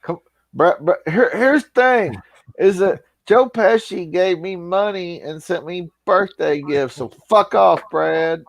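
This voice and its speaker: A man's voice: high-pitched, slow pace, vocal fry, no echo, pitched above the performer's own voice, heavily acted. A man impersonating a brash young friend from Mississippi in a blustering, defiant way.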